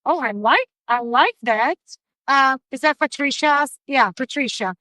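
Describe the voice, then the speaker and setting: A woman's voice: sits high, a little slow, bright, forceful tone, dry recording, rough recording. A woman hosting a live cooking stream from her home kitchen, chatty and effusive as she cooks and reads viewer comments aloud. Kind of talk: casual live-stream chat while cooking.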